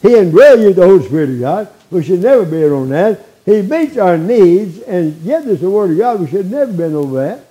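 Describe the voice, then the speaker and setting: A man's voice: high-pitched, sing-song, fairly quick, hardly any pauses, warm tone, highs cut off. A man in his eighties preaching a sermon in a folksy way, often checking in with "all right?" and chuckling between lines. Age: 80s. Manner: folksy, frequent tag questions like "all right?".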